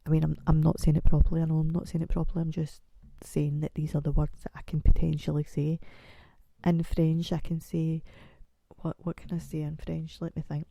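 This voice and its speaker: A woman in her forties hosting a casual solo podcast. She rambles and pokes fun at herself, and she sounds croaky from a chest infection. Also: low voice, monotone, brisk, dark tone, no echo. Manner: rambling, chatty and self-mocking. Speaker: podcast host.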